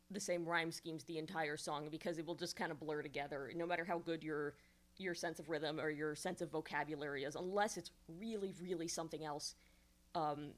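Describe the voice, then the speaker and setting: A woman giving casual songwriting feedback on a livestream, rambling and explanatory with many fillers and restarts. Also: deep voice.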